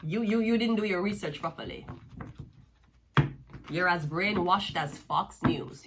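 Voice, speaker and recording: A woman's voice: mid-range voice, normal speed, noisy background. A woman with a Jamaican accent giving a tarot reading, cursing and mocking the listener as she talks. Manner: profane, mocking and sassy, with frequent laughs. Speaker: tarot card reader.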